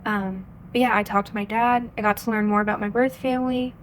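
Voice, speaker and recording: A woman's voice: medium pitch, steady tone, fairly quick, a little hiss or hum. A woman in her twenties, a podcast guest, telling her personal faith story in an earnest, chatty way and often quoting her own thoughts. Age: 20s. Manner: earnest, chatty, full of "like" and quoted inner thoughts.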